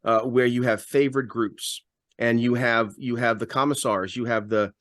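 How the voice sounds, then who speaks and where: A man's voice: mid-range voice, fairly even intonation, moderate pace, fairly bright tone, dry recording, studio quality. A man co-hosting a political talk show, speaking emphatically and stumbling over repeated words as he builds his points. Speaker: radio host and podcast co-host.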